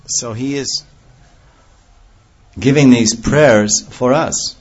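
A man's voice: mid-range voice, drawn-out words, husky, muffled recording. A man giving an earnest devotional sermon, explaining ideas with homely examples. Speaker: preacher.

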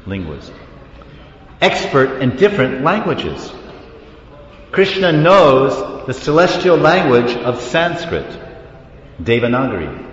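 A man gives an animated devotional talk, his voice ringing through a roomy hall with a long reverb tail. The sound is dull and lo-fi, with faint noise underneath. He tells stories with lively energy. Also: mid-range voice. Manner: animated storytelling, laughs, sings syllables. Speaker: preacher. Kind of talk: devotional class.

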